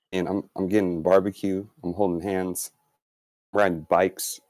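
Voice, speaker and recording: A man's voice: sits low, flat delivery, slow, a little mellow, no room sound. A man joking in a laid-back way during a casual live chat.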